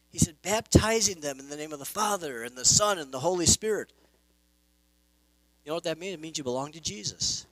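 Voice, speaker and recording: A man preaching a sermon as pastor, emphatic, swelling loud and dropping soft. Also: high voice, no room sound, rough recording. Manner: emphatic preaching with rising and falling volume.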